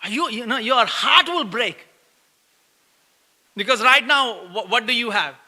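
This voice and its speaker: This middle-aged man is a preacher teaching a scripture class in a temple hall, and the recording carries a long hall reverb. His pitch is extremely high but his pace unhurried, and he preaches in a lively storytelling style, laughing often, acting out quoted complaints, and repeatedly checking with listeners, "right?"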